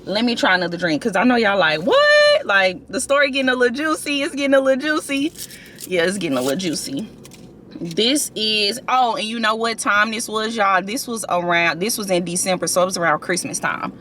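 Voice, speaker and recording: Bright-voiced chatty woman vlogger. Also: medium pitch, brisk, slight background noise. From St. Louis, USA. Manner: chatty, animated storytelling with many fillers. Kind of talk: casual storytime vlog.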